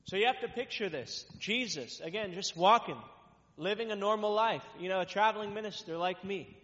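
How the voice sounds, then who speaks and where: Male traveling preacher, high bright voice, long-reverb dull recording, reads then riffs casually. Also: a little fast. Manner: reads scripture loudly, then explains in casual repetitive talk. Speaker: traveling minister. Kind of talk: sermon with scripture reading.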